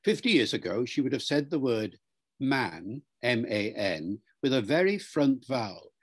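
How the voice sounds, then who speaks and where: Older man, husky voice, lively pitch; patient expert explaining in an interview. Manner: measured, lecturing, spells out words and demonstrates pronunciations. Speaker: linguist being interviewed.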